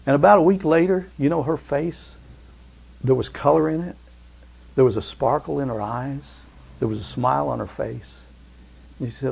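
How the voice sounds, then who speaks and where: A man preaching a sermon who tells stories and often calls out amen, swinging between loud fervor and hushed softness. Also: medium pitch, normal speed, creaky, husky. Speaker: pastor.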